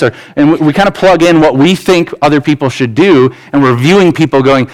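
A man's voice: fairly high pitch, expressive, a little fast, few pauses, rough recording. Man preaching a conversational sermon. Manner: conversational preaching with personal stories; acts out quoted voices in dialogue. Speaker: pastor. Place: church sanctuary.

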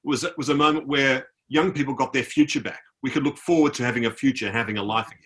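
Aussie guy spinning a yarn over a video call, bright clear voice, lively. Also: mid-range voice, fast talker. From Australia. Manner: animated anecdote-telling, mimics voices he met. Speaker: author guest. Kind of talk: storytelling in a conversation.

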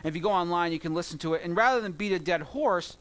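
A man pastor preaching a sermon in a conversational way, slowing down to stress key words. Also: sits high, a bit bright.

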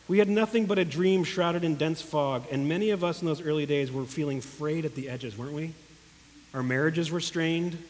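A pastor preaching a sermon in earnest, emotional tones, speaking directly to his congregation. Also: a little high. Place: church hall. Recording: long echo of a large hall.

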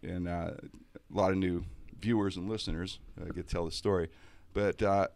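A man's voice: sits low, normal speed, vocal fry. A man telling a story in casual talk-show chat, slipping into comic voices. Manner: animated, does comic voices mid-story.

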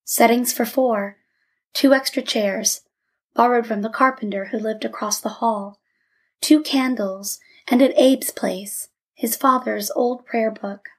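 A woman reading a story aloud in a measured, steady narration. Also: a little high. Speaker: audiobook narrator.

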